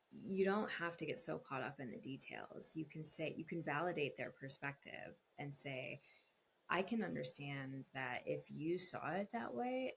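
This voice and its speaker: A woman speaking as a couples therapist in an interview, explaining calmly and acting out voices in quoted examples. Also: gravelly, a little hiss or hum. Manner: explanatory, acts out voices in quotes with big pitch jumps. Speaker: couples therapist, podcast guest. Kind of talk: conversational interview answers.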